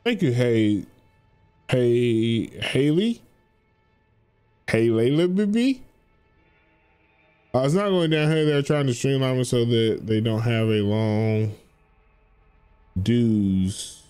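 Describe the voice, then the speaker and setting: A man's voice: mid-range voice, takes it slowly, pauses often, mellow, smooth, faint music behind. A man streaming a game and chatting casually, in a loose, profane, rambling way with frequent restarts. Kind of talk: casual gaming livestream commentary.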